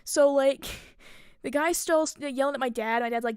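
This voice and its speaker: Young woman streamer, high-ish voice, chatty and foul-mouthed, lots of filler words. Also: normal speed, a little mellow, no echo, clean studio sound. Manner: rambling, profane, many filler likes. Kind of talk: casual storytelling.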